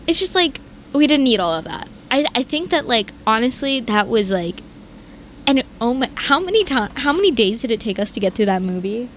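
A young woman talks in a casual chat, her fairly high voice leaping up in pitch as she rants. She fills her sentences with "like" and sounds fired up throughout. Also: brisk, slight background noise. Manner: animated ranting, lots of "like", big pitch jumps. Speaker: podcast co-host.

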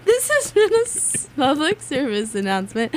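A woman voicing an eager, wide-eyed anime-hero narrator, reading a public service announcement with exaggerated, excited emphasis in a college radio studio. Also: high voice, normal speed, a little hiss or hum, pitched above the performer's own voice.

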